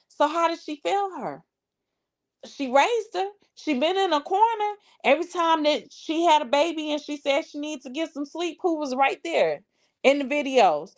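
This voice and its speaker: Congested woman, sassy live-chat host, a bit high-pitched. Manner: sassy, talks straight to viewers, reads comments aloud. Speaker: livestream host. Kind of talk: casual live-chat commentary.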